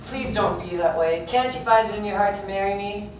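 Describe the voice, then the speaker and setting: A woman's voice: mid-range voice, fairly quick, darkish tone, slight background noise, lightly acted. Brief: woman playing an earnest young groom, pleading, mid-range; distant, echoing stage sound. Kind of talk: amateur stage musical acting. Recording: echoey hall, mic far from stage, music behind.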